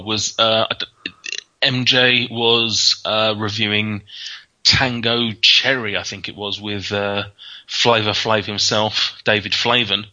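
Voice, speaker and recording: A man's voice: on the low side, level tone, slow pace, bright, forceful tone. A man telling casual, rambling anecdotes in a chat, full of fillers and restarts. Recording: dull lo-fi sound.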